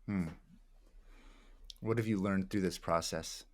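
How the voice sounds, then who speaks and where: A man interviewing a guest, asking calm questions and gently affirming her answers. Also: low-pitched, takes it slowly, no room sound, clean studio sound.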